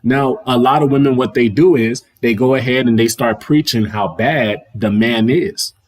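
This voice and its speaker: A man's voice: mid-range voice, normal speed. A young adult man hosting a livestream, talking in a loose, slangy rant that keeps circling back over the same points. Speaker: livestream host. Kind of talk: casual ranting monologue. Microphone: livestream mic.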